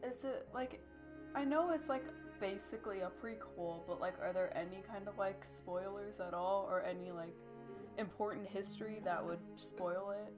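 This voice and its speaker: A woman in mid-range pitch chatting on a stream, teasing and full of "like"s. Music plays clearly behind her. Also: moderate pace. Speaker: stream co-host. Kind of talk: casual stream chat.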